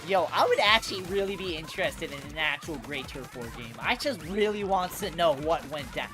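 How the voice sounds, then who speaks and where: A woman live streaming a video game, chatting casually in slangy, animated speech that leans on "bro" constantly. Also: low-pitched, a little fast, over music. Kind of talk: casual livestream chatter over gameplay.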